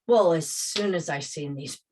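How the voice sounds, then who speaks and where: A woman casually telling a personal story, rambling and animated as she re-enacts scenes. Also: low-pitched, unhurried, slight background noise.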